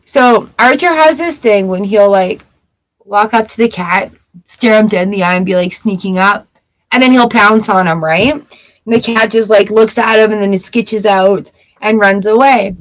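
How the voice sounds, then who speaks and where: On a live tarot stream, a young adult woman chats casually and tells funny stories with lots of laughter, an animated storyteller. Her mid-range voice moves at normal speed, captured on a rough recording.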